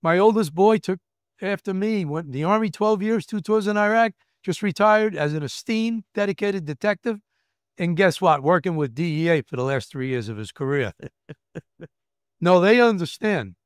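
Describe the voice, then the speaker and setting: An older man in his seventies with a New York accent, speaking with emphatic, halting candor and often repeating himself. His voice sits a little high for a man and comes across smooth and clear, recorded close and dry. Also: animated, dry recording. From Brooklyn, New York. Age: 70s. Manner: emphatic, acts out quoted voices, repeats words. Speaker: retired federal agent, guest. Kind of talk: candid interview storytelling.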